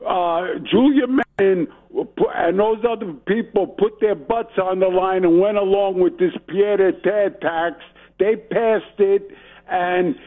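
Indignant New man on a phone line. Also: high voice. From New York. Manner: indignant ranting. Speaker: radio caller. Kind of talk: call-in talk radio.

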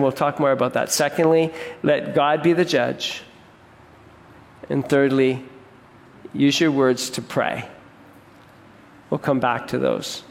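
A man's voice: fairly high pitch, vocal fry. A pastor giving an earnest sermon, often restarting his words and putting questions to the congregation. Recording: long reverb of a large hall.

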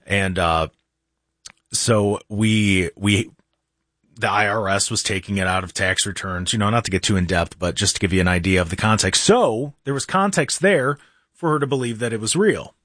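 Animated talk radio host, dry studio sound. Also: male voice, lowish voice, normal speed, dry recording. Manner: animated storyteller, acts out quotes. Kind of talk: casual talk radio chat.

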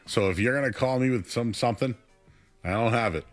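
A young man co-hosting a casual sports talk show, chatty and animated, his voice jumping up when he gets excited. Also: medium pitch, brisk, soft background music. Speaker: sports radio co-host.

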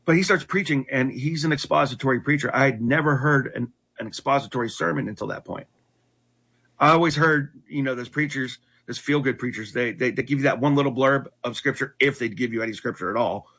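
A middle-aged man earnestly telling his life story in conversation, halting and restarting often. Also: mid-range voice, pushed and bright, slightly rough. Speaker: guest telling his testimony.

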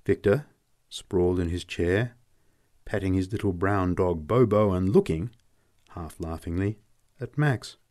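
A man reading short stories aloud as narrator, with an expressive, varied storytelling delivery. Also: low voice, a little slow, long pauses, no room sound, clean studio sound.

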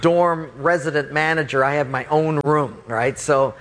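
A male pastor telling a lively personal story in a sermon, laughing and swinging his voice up and down, in a reverberant hall. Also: a little slow. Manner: animated, laughing storyteller with big pitch swings. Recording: long hall reverb, faint ambience.

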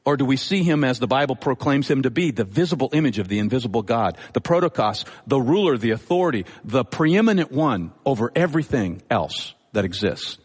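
A man's voice: medium pitch, animated, brisk, hardly any pauses, husky, in a large hall. A man preaching an expository sermon as pastor, teaching earnestly and quoting scripture. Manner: earnest teaching delivery, Bible quotations.

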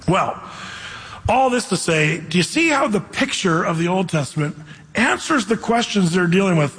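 A man's voice: high voice, lively intonation, moderate pace, a bit bright, breathy edge, in a large hall, faint music behind, poor audio. A man preaching a sermon as pastor, speaking emphatically and conversationally and acting out quotes.

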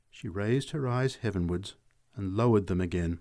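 A man narrating short stories aloud in an expressive reading voice. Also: fairly low pitch, moderate pace. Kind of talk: story reading.

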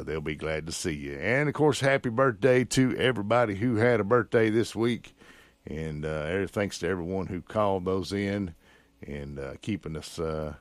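Rambling and folksy, this man hosts a casual local radio chat, stumbling through plenty of fillers and false starts. He speaks in a low pitch into a studio microphone, with no room sound at all.

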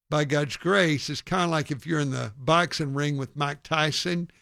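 A man hosting a talk show, telling a lively story in a self-deprecating way and acting out the people he quotes. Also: fairly high pitch, vocal fry, no echo, studio quality. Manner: animated, self-deprecating, acts out hecklers. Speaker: podcast host and author. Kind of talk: conversational storytelling.

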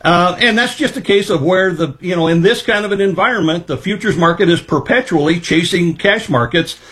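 A middle-aged man answering interview questions about markets, speaking in a measured way and thinking aloud with many fillers. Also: sits high, fairly bright tone. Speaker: livestock marketing specialist guest.

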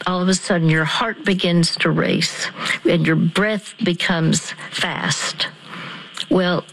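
A woman counseling a caller on a call-in radio show, guiding him slowly through deep breaths and measured phrases. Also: a little hiss or hum, low-quality recording.

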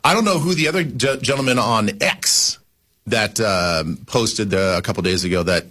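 A man's voice: lowish voice, moderate pace. A middle-aged man co-hosting a radio show, telling a story animatedly in casual on-air banter. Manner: animated storyteller, acts out quotes.

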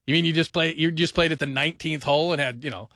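Male sports radio host, bright and punchy, dry studio sound. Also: a little high, fast, no room sound. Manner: animated, laughing, joking asides. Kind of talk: casual sports talk radio.

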